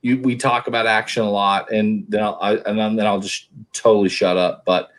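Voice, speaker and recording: A man's voice: on the low side, flat delivery, brisk. A middle-aged man from Oklahoma telling stories in casual chat, rambling and restarting his sentences. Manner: rambling storyteller, many restarts.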